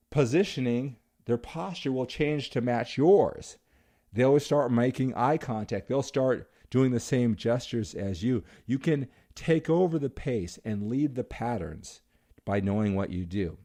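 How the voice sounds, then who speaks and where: A man coaching a seminar audience on influence and rapport, acting out short exchanges in different voices. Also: mid-range voice. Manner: animated, acts out quoted voices. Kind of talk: motivational seminar talk.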